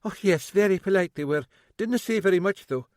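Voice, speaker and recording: A fluttery, theatrical older woman, as a male narrator puts her on, pitched high with a lively, swooping voice. She sounds genteel and jittery, protesting a little too much. The reading is dry and close. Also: a little fast, no room sound. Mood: feigned shock. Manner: fluttery, falsely innocent.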